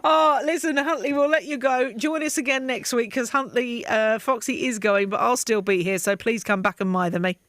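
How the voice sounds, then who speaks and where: A woman's voice: a little high, normal speed, few pauses, a bit bright, no room sound, clean studio sound. A woman hosting a radio phone-in, chatty and affectionate with her callers. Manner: affectionate, chatty, calls people darling. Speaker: radio presenter. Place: radio studio.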